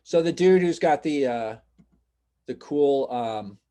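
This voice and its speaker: A male instructor leads his class over a video call, his voice sitting at an ordinary middle pitch. He talks in a loose, chatty way, reassuring his students and inviting their questions. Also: expressive, slow pace, warm tone. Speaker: college instructor. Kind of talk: casual online class lecture.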